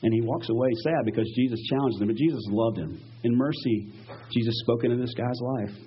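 A male pastor preaching a sermon, retelling stories with lively acted-out quotes. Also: mid-range voice, fairly quick, highs cut off, a little hiss or hum. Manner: animated storytelling, acts out quoted voices.

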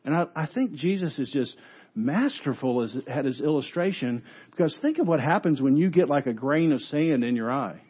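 A man preaching a sermon as pastor, telling stories with animated delivery and frequent restarts. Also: a little high, moderate pace, slightly rough, muffled recording. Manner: animated storytelling with repeated restarts.

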